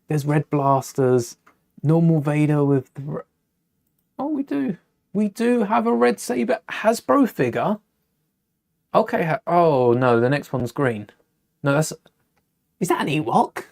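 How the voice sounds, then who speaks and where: A man's voice: on the high side, creaky, darkish tone. A young man hosting a casual live stream, chatting and thinking aloud while building, often correcting himself mid-sentence.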